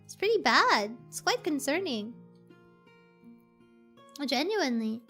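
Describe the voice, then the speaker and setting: A woman's voice: sits high, big pitch swings, slow pace, fairly bright tone. A young woman chatting casually with her livestream viewers, rambling with lots of fillers and giggles. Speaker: VTuber streamer. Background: faint background music.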